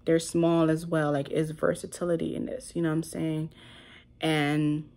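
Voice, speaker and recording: Young woman vlogger, low and gravelly voice, rambling emotional storytelling. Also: level tone, moderate pace, darkish tone. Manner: emotional, rambling, heavy use of "like". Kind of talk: casual storytelling to camera.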